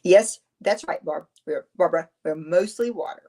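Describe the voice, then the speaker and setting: A woman's voice: on the low side, moderate pace, dark tone. A woman, chatting casually on a livestream, rambling, answering viewers and laughing often. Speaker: livestream host.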